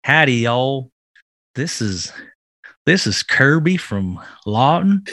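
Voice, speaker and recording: A man voicing a folksy country man with a Southern accent, pitching a podcast in a hokey announcer style. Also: sing-song, takes it slowly, pushed and bright, dry recording, clean studio sound, exaggerated voice.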